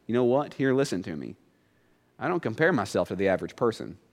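A male pastor delivers a sermon to his congregation in a relaxed, conversational tone. He reads scripture, then talks it through with asides, and his voice climbs sharply higher and louder whenever he presses a point. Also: fast talker, gravelly. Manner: conversational preaching, often rises in pitch and volume for emphasis. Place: church.

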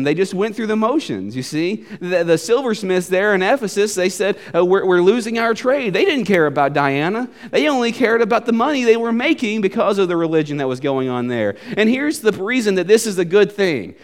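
A man preaching a sermon, animated, and often repeating a short refrain. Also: sits high. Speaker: pastor.

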